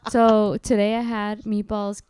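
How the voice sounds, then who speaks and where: A woman's voice: medium pitch, level tone, unhurried, darkish tone, smooth, no echo, studio quality. A woman hosting a casual podcast chat, upbeat and encouraging. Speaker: podcast host.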